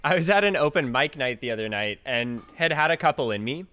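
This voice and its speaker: Podcast co-host guy, bright voice, jokey, laughs a lot. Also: medium pitch, expressive, brisk, faint music behind. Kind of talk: casual chat.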